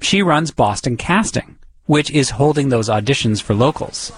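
A man reporting and interviewing for a radio feature, measured and conversational. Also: medium pitch, animated, husky.

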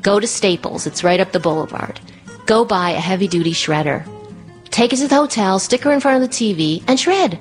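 A woman voicing her sister, who calms her down with quick practical instructions. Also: medium pitch, faint music behind, natural voice. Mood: calming. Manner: soothing, brisk instructions. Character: calm, practical adult sister giving orders.

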